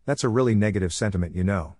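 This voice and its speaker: A man's voice: lowish voice, rapid-fire, darkish tone, no room sound, lightly acted. A man reading the lines of a lecherous, teasing older male ninja mentor in a fan fiction reading.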